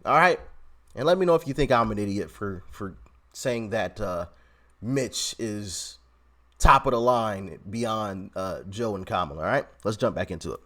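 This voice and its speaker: A man giving casual, animated commentary on video clips, often repeating himself and laughing. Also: fairly low pitch, normal speed.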